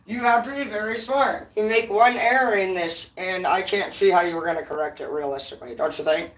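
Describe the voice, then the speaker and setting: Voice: mid-range voice, a little fast, few pauses, a bit bright, slight background noise. A tarot reader on a casual live stream who swears constantly and talks in a blunt, heated rant. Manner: profane, heated and ranting; blunt and confrontational.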